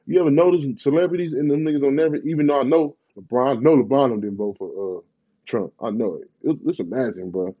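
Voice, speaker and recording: Brief: Bay man, thirties, mid-pitched, loose profane slang-heavy vlog rant, muffled low-fi recording. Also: quick pace, breathy edge. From Bay Area, California. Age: 30s. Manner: profane, rambling, emphatic slang.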